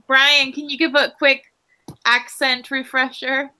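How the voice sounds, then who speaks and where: Woman player, bright, slightly high voice, rambly and casual. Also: little pitch movement, a little slow, poor audio. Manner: chatty, uses many fillers, often laughs. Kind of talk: casual tabletop game chat.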